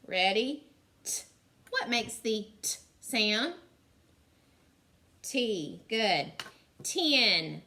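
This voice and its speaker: A woman teaching a phonics lesson to young children, sounding out letters slowly and deliberately and praising often. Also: fairly high pitch, very animated, sharp tone.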